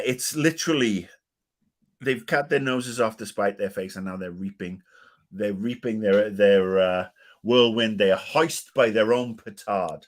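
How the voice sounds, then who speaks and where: Middle-aged British co-host, low-pitched, ranty, rambling, swears. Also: male voice, a little slow. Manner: rambling, opinionated, swears, many restarts. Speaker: podcast co-host. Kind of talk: casual podcast chat.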